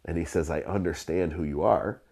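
A man with a very low voice tells a story from the pulpit in a loose, conversational way. He stumbles over restarts and fillers, and he chuckles as the story unfolds. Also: normal speed, darkish tone, husky. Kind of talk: sermon storytelling.

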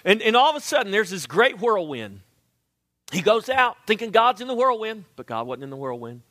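A man preaching a sermon, animated and emphatic, sometimes dropping to a hush. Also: sits high, normal speed, no room sound, clean studio sound. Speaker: pastor.

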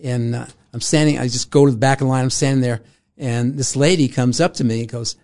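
An older man recounting a past adventure in an easygoing, rambling way. He laughs often and slips into quick impressions of the people he quotes. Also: medium pitch, a little mellow. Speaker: interview guest. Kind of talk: casual storytelling.

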